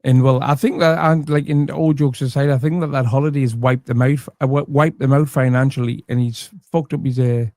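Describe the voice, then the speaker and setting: A man's voice: mid-range voice, fairly even intonation, brisk, hardly any pauses, mellow, no room sound. A middle-aged man reacting to clips with dry, sarcastic asides from a room at home. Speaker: commentary host. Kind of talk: comedic reaction commentary.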